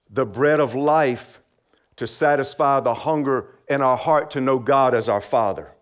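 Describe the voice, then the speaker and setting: A man delivers a sermon in an easy, friendly way, at a middle pitch. He checks in with his listeners often, leads call-and-response, and laughs lightly between his points. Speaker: preacher. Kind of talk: children's sermon.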